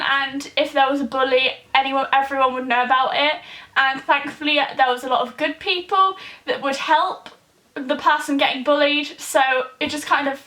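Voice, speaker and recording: Bright-voiced chatty young woman. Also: high voice, poor audio. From United Kingdom. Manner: chatty and upbeat, reads out questions then answers. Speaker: YouTuber answering viewer questions. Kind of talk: casual vlog Q&A.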